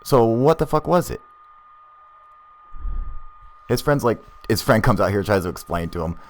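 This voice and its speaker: Brief: low-voiced male host, chatty and profane, hyped over clips. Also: lively intonation, moderate pace. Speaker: video host. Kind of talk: casual video commentary.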